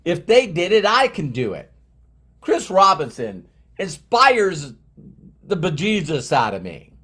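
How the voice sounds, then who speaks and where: Slow, emphatic motivational speaker, male. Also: a little high, wildly swooping pitch, fairly bright tone, breathy edge. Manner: emphatic, repeats phrases for effect. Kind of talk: motivational talk.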